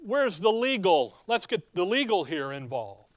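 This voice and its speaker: A man's voice: sits high, sing-song, a little slow, no echo. A man preaching, voicing an adult male apostle who bluntly insists on his rights. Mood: insistent.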